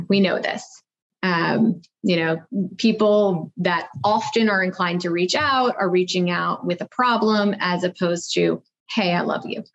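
A woman guest on an interview podcast, a marketing executive, answering in an upbeat, conversational way and thinking aloud with fillers, on a dull lo-fi remote recording. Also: medium pitch.

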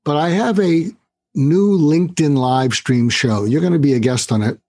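A man's voice: on the high side, moderate pace, dry recording. An older man telling a story as a guest in an interview, acting out the voices of the people in it. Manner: animated storyteller, acts out quoted voices. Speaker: guest, author.

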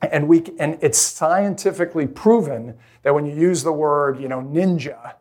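A middle-aged man, a venture capitalist, giving a live talk to an audience, energetic, often restarting his sentences. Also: on the high side, normal speed. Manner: energetic, restarts often, acts out quoted voices.

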